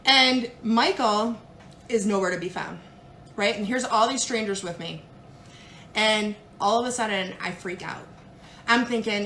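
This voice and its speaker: A woman jewelry consultant telling a story in a casual, animated way, acting out the people she quotes. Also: on the high side, moderate pace, echoey room, slight background noise. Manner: animated, dramatic retelling with put-on quoted voices.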